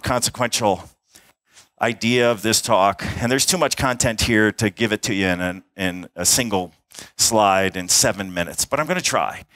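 A man's voice: medium pitch, a bit bright, no room sound. A middle-aged man, an emergency doctor, giving a conference talk, telling a case story with acted-out dialogue and sounds. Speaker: emergency physician and airway instructor. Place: conference hall.

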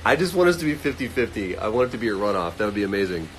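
A man hosting a casual livestream, reading fan comments aloud and answering them quickly. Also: lowish voice, very animated, slight background noise, rough recording. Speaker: livestream host answering chat. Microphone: phone livestream.

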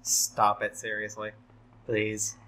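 A man's voice: lowish voice, completely flat delivery, takes it slowly, sharp tone, slight background noise. A man co-hosting a let's play, chatting casually, joking and explaining at length, easily exasperated. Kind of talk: casual gaming chat.

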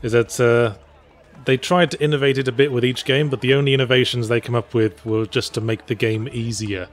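A man's voice: mid-range voice, fairly even intonation, brisk. A man co-hosting a casual let's play, explaining the game in a dry, sardonic way. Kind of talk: casual gameplay commentary.

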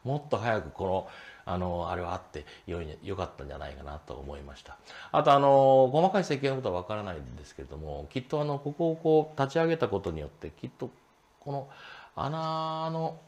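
A man's voice: on the low side, very animated, very fast, a little mellow. A male clarinetist giving casual feedback on a new instrument, talking with many fillers.

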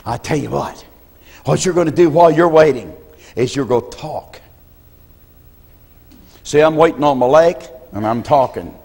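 An older man preaches a sermon in a folksy, storytelling way, pausing often to clear his throat. His voice sits fairly high for a man. The sound rings with the long reverb of a church hall. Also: expressive, a little mellow. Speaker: pastor.

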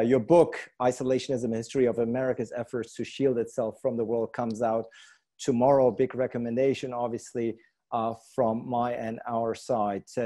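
Mellow-voiced male panel moderator. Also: mid-range voice. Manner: warm-mannered, hesitant with fillers.

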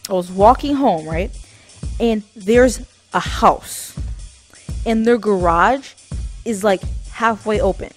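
A woman's voice: medium pitch, slow, faint music behind. A young woman vlogger telling a casual story, rambling with lots of fillers and self-mocking asides.

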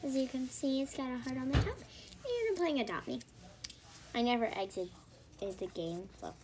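A woman's voice: sits high, sing-song, normal speed, noisy background. A woman chatting playfully while acting out a doll family story, rambling and giggly. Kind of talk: playful doll role-play narration.

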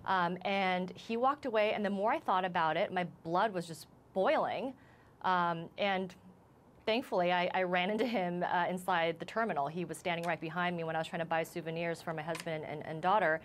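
A woman reporter in a live TV interview, shaken and emotional, speaking haltingly with many restarts. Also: on the low side, slight background noise. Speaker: news reporter as guest.

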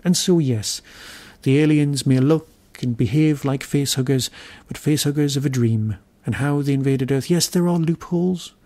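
A man's voice: mid-range voice, dark tone. A man hosting a podcast, talking through a solo review in a wry, musing way and grumbling at himself now and then. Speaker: podcast host reviewing an episode.

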